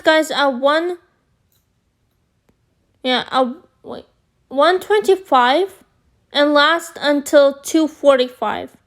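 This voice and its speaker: Girl with a high voice, slow draggy storytime, kinda hoarse, lots of like and guys. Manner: rambling, filler-heavy, addresses viewers as guys. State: hoarse from screaming. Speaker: vlogger. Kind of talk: storytime chat.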